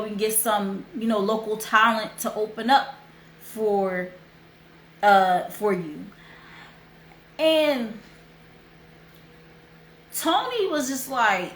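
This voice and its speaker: A young woman hosts a casual livestream, her fairly high voice carrying a story with open emotion. She talks in a chatty, heartfelt way and circles back to repeat what matters. The sound is roomy, with a clear echo around her. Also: fairly bright tone, slight background noise. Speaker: host.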